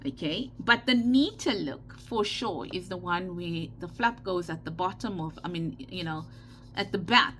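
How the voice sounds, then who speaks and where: A woman's voice: on the low side, lively intonation, unhurried, a bit bright, slight background noise. A woman with a South African Indian accent hosting a casual craft tutorial, chatty and given to repeating herself with frequent "okay" check-ins. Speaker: craft channel host.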